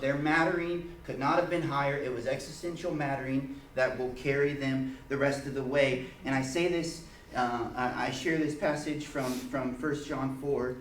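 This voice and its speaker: An earnest man leads a church group, speaking in a halting way and often restarting his sentences. His voice sits at a middle pitch. It is caught from a distance in an echoey room with a faint hiss underneath. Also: steady tone. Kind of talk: informal church teaching with personal story.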